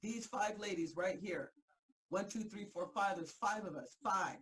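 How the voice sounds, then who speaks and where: Woman, motivational group host, energetic, emphatic, repeats for emphasis, laughs easily, middle pitch. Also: slight background noise, poor audio. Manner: energetic, fired-up, emphatic repetition; quick to break into laughter.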